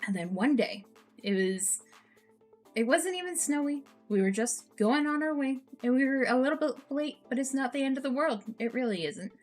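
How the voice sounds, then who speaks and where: A woman streamer reacting to posts and telling stories in an animated, profane, ranting way. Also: high voice, moderate pace, soft background music. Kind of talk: casual storytelling stream.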